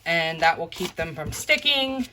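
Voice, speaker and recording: A woman vlogging casually to her viewers, counting bills out loud and chatting about her budget, often saying "you guys". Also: lowish voice, big pitch swings, unhurried, slight background noise. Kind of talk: casual talk to camera while counting cash.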